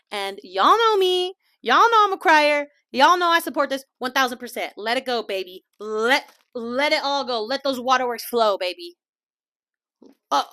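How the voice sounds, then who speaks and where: A woman hosting a casual podcast, chatty and laughing often, slipping into quiet asides. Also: on the high side, no room sound, clean studio sound. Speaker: podcast host. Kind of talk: casual chat. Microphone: small desk mic.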